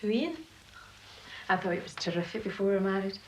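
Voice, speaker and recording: A woman's voice: mid-range voice, lively intonation, a little fast, slight background noise, lightly acted, rough recording. An actress playing a worldly woman who speaks in a dry, sardonic way about her past. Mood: wry. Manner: wry, sardonic. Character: worldly woman, bitter and wry. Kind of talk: TV drama acting.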